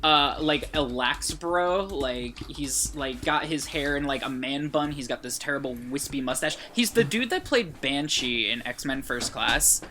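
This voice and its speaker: A man's voice: mid-range voice, a little slow, few pauses, bright, forceful tone. A man guesting on a podcast, recapping a movie in casual chat with lots of fillers and the odd swear. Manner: rambling plot recap full of fillers and swearing.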